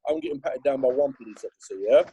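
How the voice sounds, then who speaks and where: A man co-hosting a podcast, telling a story among friends, animated and swearing, checking in with "yeah?". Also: mid-range voice, very fast, husky, low-quality recording. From Turkish heritage. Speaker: podcast co-host.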